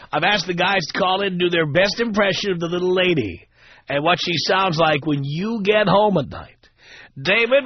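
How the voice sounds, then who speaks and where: A man's voice: high-pitched, no room sound. Wry radio call-in host, man. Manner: wry, dry teasing. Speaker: radio talk show host. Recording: studio mic, dry, slightly dull.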